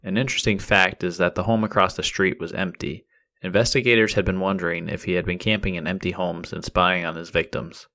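A man hosting a podcast, reading true-crime case details in a measured, matter-of-fact way. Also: low voice, fairly even intonation, pushed and bright. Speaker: podcast host.

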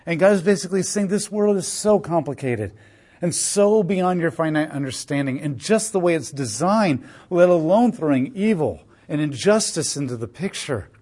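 A man's voice: on the high side, lively intonation, moderate pace, darkish tone, husky. A man teaching on a Bible book in a conversational, emphatic way, piling up rhetorical questions and repeated phrases.

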